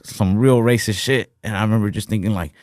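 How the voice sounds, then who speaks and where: A young podcast co-host tells rambling, profane work stories in a casual chat, quoting people's voices. His voice is lowish, brisk and a little mellow, on a dry, clean studio recording.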